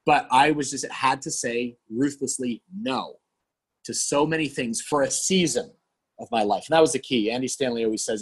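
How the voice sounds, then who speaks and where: Man, 40s, pastor guest; husky, earnest, animated storyteller. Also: mid-range voice, normal speed. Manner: earnest, animated, acts out quoted dialogue. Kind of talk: candid conversational storytelling.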